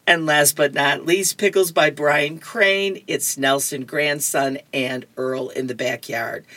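Slow, low-voiced woman radio reader. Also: steady tone, fairly bright tone, no room sound. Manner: chatty, amused asides. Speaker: radio reading service reader. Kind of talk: reading comics and horoscopes aloud.

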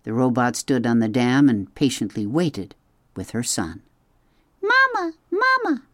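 A man reading a children's story aloud in steady, clear narration. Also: medium pitch, moderate pace, no echo, clean studio sound. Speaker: audiobook narrator. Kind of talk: scripted narration.

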